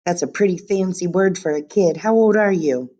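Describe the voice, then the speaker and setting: A teacher reading aloud as a gruff, scolding grown man who has no patience for kids. The voice is low-set for a woman and sounds like it comes through a webcam. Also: normal speed, warm tone, lo-fi sound, lightly acted. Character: gruff grumpy middle-aged man, dog walker.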